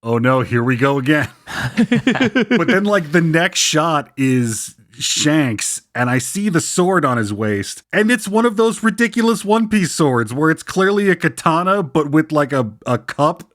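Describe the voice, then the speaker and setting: A man co-hosting a casual podcast, jokey and expressive, swearing freely. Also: a little high, unhurried. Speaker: podcast co-host.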